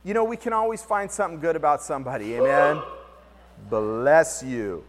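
A man preaching a conversational sermon as pastor, lively and slangy, mixing scripture with everyday stories. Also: on the high side, normal speed, heavy background noise. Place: church hall. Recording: long hall reverb.

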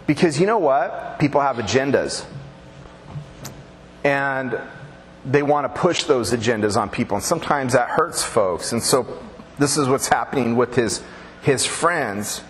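A man's voice: mid-range voice, expressive, unhurried. A man preaching a sermon to his congregation in a conversational, joking way. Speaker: pastor. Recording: reverberant hall, faint background noise.

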